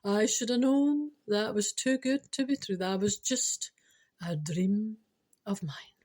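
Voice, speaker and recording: Scottish woman putting on an old white-haired granny, lonely, resigned, wistful muttering, husky. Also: mid-range voice, slow pace, a little mellow. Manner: wistful, self-pitying muttering.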